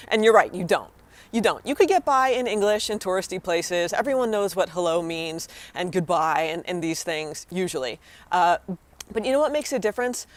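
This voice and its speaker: A woman's voice: fairly low pitch, no echo. An American woman, a young adult, chatting casually to viewers as she teaches everyday phrases. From United States. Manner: chatty and encouraging, addresses viewers directly. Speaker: vlogger teaching French phrases. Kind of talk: casual vlog lesson.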